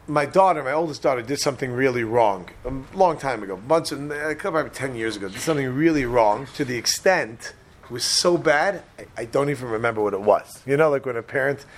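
A man's voice: mid-range voice, expressive, a little fast. A middle-aged man lecturing a live audience, telling personal stories, joking and putting questions to the listeners. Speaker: speaker addressing an audience.

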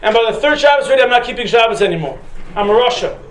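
A man's voice: very high-pitched, lively intonation, very fast, a little hiss or hum. A man putting on a drunk, tearful Russian guy. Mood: earnest. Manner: earnest, confessional, broken phrasing. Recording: roomy echoing room.

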